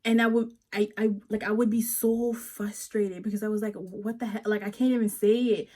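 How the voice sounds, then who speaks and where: Young woman vlogger, chatty and expressive, acts out quotes, average pitch. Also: brisk. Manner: animated, acts out quoted voices, many likes. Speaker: vlog host. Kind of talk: casual storytelling chat.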